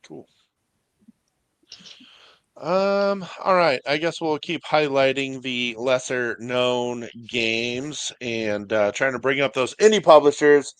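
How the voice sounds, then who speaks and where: A man hosting a casual board game show over a video call, relaxed, explaining a game at length. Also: medium pitch, takes it slowly, smooth, no echo. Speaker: host. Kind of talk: casual chat.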